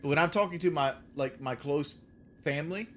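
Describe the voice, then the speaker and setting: A man's voice: fairly high pitch, brisk, a bit bright, a little hiss or hum. A man from the Southern US with a light Southern accent, rambling and swearing through casual commentary while he plays a game as a streamer. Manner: rambling, profane, full of restarts. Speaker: gaming streamer.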